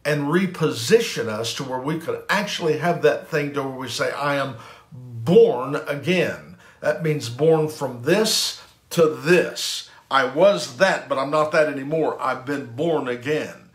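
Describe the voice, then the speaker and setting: A man's voice: mid-range voice, unhurried, a bit bright, echoey room. A pastor giving an emphatic sermon, repeating phrases and restarting lines as he preaches.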